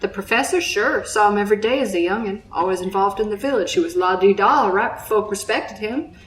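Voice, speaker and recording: A woman's voice: mid-range voice, slight background noise, close to an everyday voice. A woman doing a blunt village barkeep, odd accent. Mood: gossipy. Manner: quick, offhand, odd put-on accent. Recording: roomy echo.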